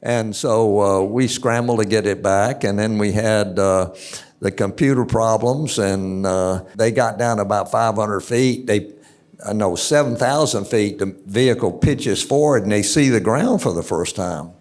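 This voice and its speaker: An older man with a Southern US accent tells a long story on stage, halting often with filler sounds. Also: fairly low pitch, darkish tone. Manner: halting, many uh fillers, slow drawl. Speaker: astronaut guest.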